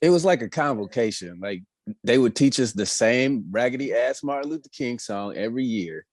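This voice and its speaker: A man co-hosting a podcast, telling exasperated school stories in an animated, casual way. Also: medium pitch, moderate pace, no room sound. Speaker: podcast co-host. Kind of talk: casual comedic chat.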